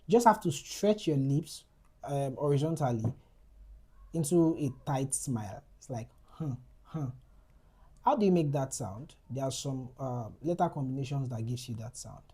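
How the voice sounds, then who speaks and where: Low husky-voiced woman giving a pronunciation lesson, slow and careful, says every example twice. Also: animated, dark tone. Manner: slow, deliberate, repeats each example word twice. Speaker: French pronunciation teacher. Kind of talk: instructional lesson.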